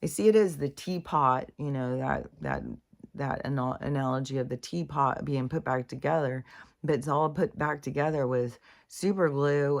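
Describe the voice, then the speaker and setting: A woman's voice: very deep voice, vocal fry. A woman in a casual spiritual monologue, speaking candidly, swearing freely and restarting her sentences.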